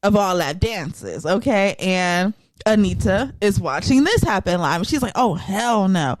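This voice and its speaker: A woman hosting a casual podcast chat, retelling a story with lively energy and acting out the voices of the people in it. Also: mid-range voice, a little slow, no echo. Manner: animated storyteller who acts out voices. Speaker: podcast host.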